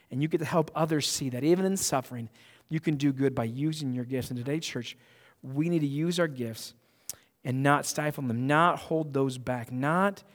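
A man's voice: medium pitch, big-room sound. A male pastor delivering a sermon to his church in an emphatic, conversational way, often restarting his sentences. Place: church sanctuary.

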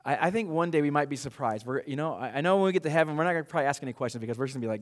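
A man preaching a sermon to his church in a conversational, animated way, with frequent asides. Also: on the high side, racing, in a large hall. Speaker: pastor.

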